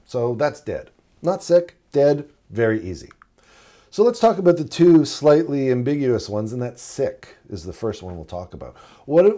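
Mellow-voiced paramedic teaching casually. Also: male voice, mid-range voice. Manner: conversational, acts out patient dialogues. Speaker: paramedic instructor. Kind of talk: casual spoken lecture.

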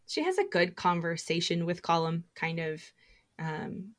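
Female co-host with a somewhat low voice; emphatic and playful, casual talk. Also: big pitch swings. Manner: emphatic, playful, quick to laugh. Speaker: podcast co-host. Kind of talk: casual fan discussion.

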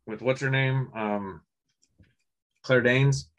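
A man co-hosting a casual movie podcast, rambling with many restarts and frequent throat clearing. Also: medium pitch, fairly even intonation, takes it slowly, a bit bright. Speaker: podcast co-host. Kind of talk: casual chat about movies.

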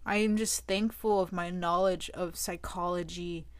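A woman's voice: fairly low pitch, steady tone, moderate pace, dry recording. A young woman talking to her own camera in a candid personal monologue, casual and slangy, swearing a lot for emphasis. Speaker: vlogger.

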